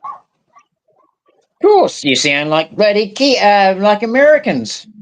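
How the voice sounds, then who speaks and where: Rambling sweary kiwi-aussie bloke. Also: male voice, sits high, big pitch swings, takes it slowly. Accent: New Zealand and Australian mix. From New Zealand. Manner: heated, rambling, swears a lot, many fillers. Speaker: guest in a live voice chat. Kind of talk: casual chat.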